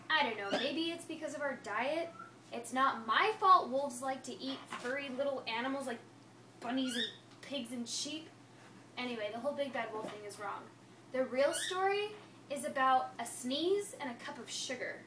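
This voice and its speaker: A woman's voice: sits high, sharp tone. A woman telling a fairy tale in the first person as a wolf who insists he is innocent, in a chatty, playful way. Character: friendly, self-justifying male wolf. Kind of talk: first-person storybook read-aloud. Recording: echoey room, far from mic, faint hiss.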